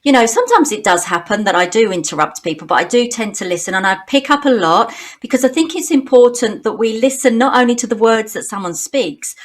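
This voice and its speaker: A middle-aged woman from Britain whose English accent carries a slight Australian twang. She chats easily as an interview guest over a video call and laughs often. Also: mid-range voice. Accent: British English with a slight Australian twang. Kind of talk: casual interview chat.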